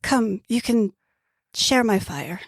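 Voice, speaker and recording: A woman voicing a relaxed old male desert traveler who welcomes a stranger to his fire in a raised, unhurried voice. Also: on the high side, breathy edge, no echo, studio quality, pitched above the performer's own voice, full character voice. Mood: welcoming. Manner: welcoming, unhurried, repeats "come".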